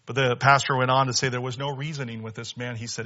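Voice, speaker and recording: A young man preaching a sermon, animated, swinging from loud emphatic lines to hushed ones. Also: mid-range voice, fast talker, creaky, hardly any pauses. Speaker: pastor. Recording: dull lo-fi sound.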